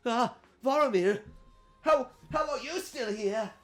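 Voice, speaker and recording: A man voicing a frail, cowardly old elven man with a high, strained, quavering voice, over faint music. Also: slow. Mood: startled. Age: older.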